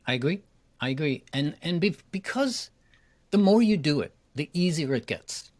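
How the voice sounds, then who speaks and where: A man who coaches public speaking, a guest in an interview, talking with energy and acting out his examples. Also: fairly high pitch. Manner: energetic and quick, acts out examples.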